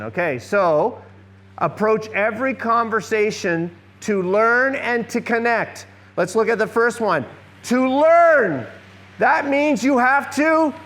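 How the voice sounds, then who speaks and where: A man's voice: high voice, fairly bright tone. A man presenting a church seminar on listening, earnestly addressing a live audience and often checking in with "okay?".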